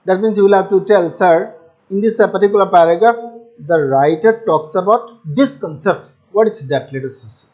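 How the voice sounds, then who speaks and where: A middle-aged Indian man with a high voice teaches an English class. He repeats key words often and drops into Hindi to explain terms to his students. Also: normal speed, a little mellow, lo-fi sound. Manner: addresses students as "my dear children". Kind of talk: classroom lesson explaining a textbook chapter.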